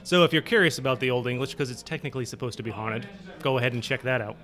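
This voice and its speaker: A man hosting a podcast in a pub, with a loose, rambling, jokey delivery. His voice sits at an ordinary middle pitch. He laughs easily and keeps the chat casual. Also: rapid-fire, fairly bright tone, soft background music. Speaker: podcast host. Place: upstairs room of a pub.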